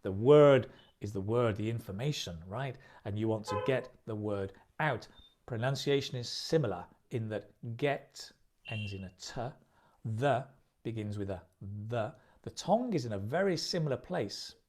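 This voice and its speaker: Man teaching English idioms slowly. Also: medium pitch, lively intonation, a little mellow. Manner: slow, clear, repeats phrases for practice. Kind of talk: recorded video lesson.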